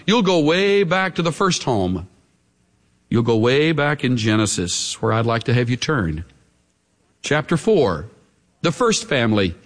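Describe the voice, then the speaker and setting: A man preaching a sermon to a congregation, swinging between emphatic highs and hushed, low asides. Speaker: pastor. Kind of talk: radio broadcast sermon. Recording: long hall reverb from a live sermon.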